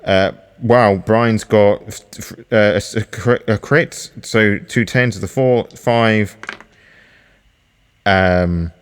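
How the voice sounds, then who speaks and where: A British man with a somewhat low voice narrates a solo tabletop role-playing game. He thinks aloud as he works through dice rolls and rules, often restarting his sentences. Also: steady tone, takes it slowly, clear, resonant tone. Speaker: solo game master and player.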